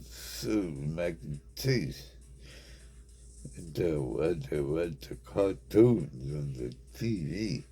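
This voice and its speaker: A man ranting in a slow monologue to camera, mumbling and halting in a flat, deadpan delivery. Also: low voice, vocal fry, husky.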